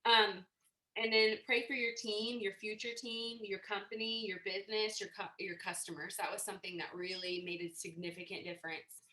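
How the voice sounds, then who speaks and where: Peppy woman pumping up a crowd, bright high voice, roomy echo. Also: normal speed. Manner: energetic, emphatic, acts out quotes. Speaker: motivational speaker. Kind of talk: motivational talk. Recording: echoey room.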